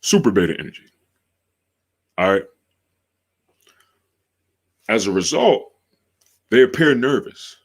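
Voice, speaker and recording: Man, low deep voice, podcast host, casual livestream talk, slangy, repeats himself. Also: big pitch swings, husky. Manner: slangy, drawn-out, repeats phrases for emphasis.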